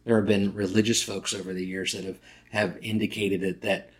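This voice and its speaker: A man's voice: sits low, flat delivery, brisk. A male pastor giving a conversational, emphatic sermon, often restarting phrases.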